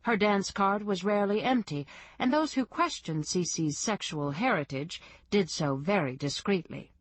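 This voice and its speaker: A woman reading a first-person novel aloud as a steady audiobook narrator. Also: medium pitch, a little slow, no room sound. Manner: reads in first person, lightly voicing characters. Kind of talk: scripted narration.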